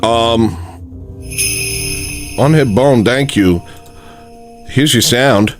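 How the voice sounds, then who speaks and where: A man's voice: mid-range voice, extremely slow. Male streamer host, self-deprecating, rambling delivery, faint music underneath. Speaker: livestream host. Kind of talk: casual chat, trying out jokes.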